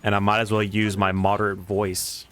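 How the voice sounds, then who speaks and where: A man's voice: on the low side, moderate pace. Joking young Southern man streaming a game. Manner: joking, swearing, bursts of excited laughter. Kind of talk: casual live gameplay commentary.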